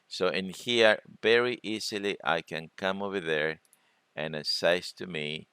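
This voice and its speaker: A man presenting a trading webinar, talking through charts in a halting way and often repeating words. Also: low-pitched, fairly bright tone, smooth, no echo. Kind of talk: screen-share trading lesson.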